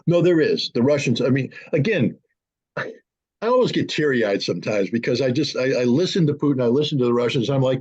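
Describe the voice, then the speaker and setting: A man speaking as an arms control analyst in a panel discussion, animated, acting out both sides in quoted dialogue. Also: mid-range voice, brisk, slightly rough. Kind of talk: conversational panel talk. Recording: dull lo-fi remote audio.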